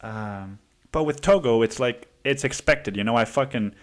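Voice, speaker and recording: A man's voice: mid-range voice, moderate pace. A man hosting a podcast alone, telling a long story in a rambling, profane, casual way with lots of fillers. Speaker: podcast host. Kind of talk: casual solo podcast monologue.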